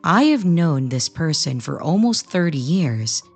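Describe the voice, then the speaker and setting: Low-voiced woman narrating creepy stories. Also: big pitch swings, unhurried, husky, faint music behind. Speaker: storytelling channel narrator.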